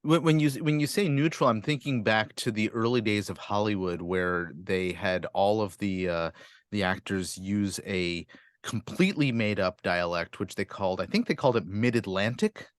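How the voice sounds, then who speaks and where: A man's voice: lowish voice, moderate pace, no room sound, studio quality. A man hosting a podcast, asking his guest questions in a curious, conversational way and often restarting his sentences. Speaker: podcast host. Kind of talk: interviewing a guest.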